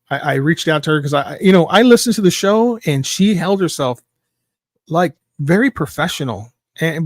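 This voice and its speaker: A man with a fairly high speaking voice tells a wild personal story as a podcast guest, animated and emphatic and never shy about swearing. The sound is close and dry, with no room in it. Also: no room sound. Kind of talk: casual storytelling.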